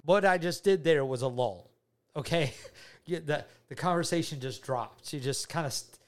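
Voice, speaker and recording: Rambling dad telling a story. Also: male voice, a little high, moderate pace. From Georgia, USA. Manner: animated, rambling, repeats words, voices the people in his story. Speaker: father telling a story to his child. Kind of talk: casual family storytelling.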